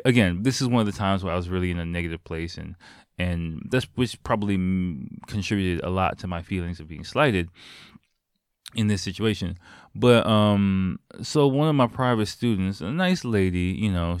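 A man's voice: low voice, moderate pace, clear, resonant tone, dry recording, clean studio sound. A man frankly recounting a personal story in a reflective, casual manner, swearing now and then.

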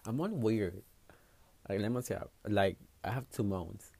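A man's voice: low voice, normal speed, vocal fry, a little mellow, breathy edge, no echo. Blunt, foul-mouthed man. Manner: blunt, profane, switching between English and Spanish. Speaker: podcast host. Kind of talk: casual solo podcast monologue.

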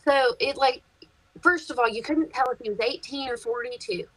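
A woman, a podcast guest, chatting casually and telling lively stories, swearing freely and laughing as she goes. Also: high voice, normal speed, rough recording. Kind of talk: casual chat, storytelling.

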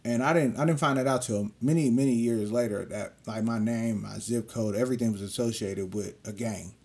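A young man with a low, gravelly voice tells a long personal story in casual street slang. He curses freely and acts out the voices of the people in it. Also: a little fast, darkish tone. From California.

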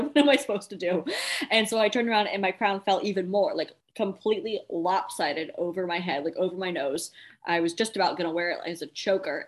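A young adult woman, a podcast guest and pageant titleholder, telling a story casually, acting out quotes and laughing often. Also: lowish voice. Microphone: podcast microphone.

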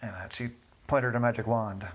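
A man narrating an improvised children's story in a soft, low-key way, with small restarts. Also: fairly even intonation, normal speed, lo-fi sound.

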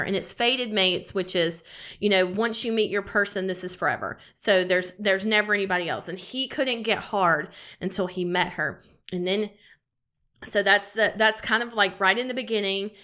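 A woman co-hosting a casual podcast, gushing excitedly about books and swearing freely. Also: mid-range voice. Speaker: podcast co-host.

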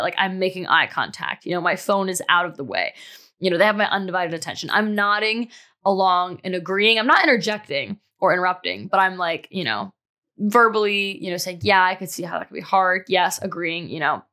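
A woman's voice: mid-range voice, bright, forceful tone. A young woman in her twenties talking candidly as a podcast host about a breakup, in a casual monologue full of fillers and the odd swear word. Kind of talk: personal monologue.

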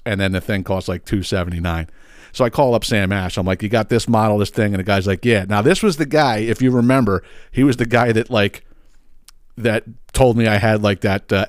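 A man, hosting a podcast in a casual ranting monologue, animated and swearing, his pitch jumping up when he gets worked up. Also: dry recording, clean studio sound. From Philadelphia area. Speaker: podcast host. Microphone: side-address studio microphone.

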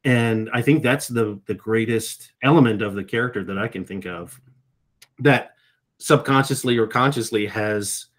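Thoughtful lower-voiced middle-aged man. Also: moderate pace. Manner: thoughtful, repeats words as he starts. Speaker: voice actor guest. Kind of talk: reflective interview answers.

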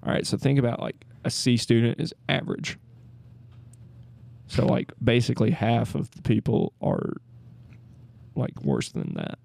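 A man's voice: mid-range voice, huge pitch swings, a little slow, gravelly, long pauses, a little mellow, dry recording. A man, rambling and joking as a podcast co-host. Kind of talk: casual chat.

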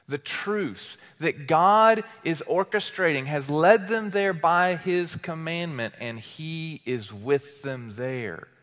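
A teaching pastor with a medium-pitched voice delivers a sermon, peppering the congregation with rhetorical questions and shifting between loud proclamations and quiet asides. A long hall reverb trails his words.

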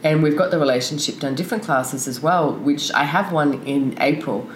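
A woman with a low, deep voice talks candidly as a podcast guest. She rambles through her thoughts with plenty of fillers. The room is echoey, with a faint hiss behind her. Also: normal speed. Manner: open, frank, rambling with many fillers. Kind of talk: candid conversational interview.

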